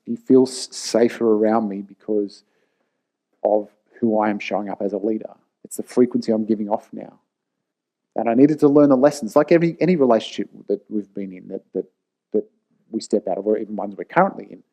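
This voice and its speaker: A man's voice: on the low side, a little fast, warm tone. A man in his forties, a leadership speaker telling personal stories in a frank, casual and blunt way. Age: 40s. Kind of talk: candid personal talk to camera.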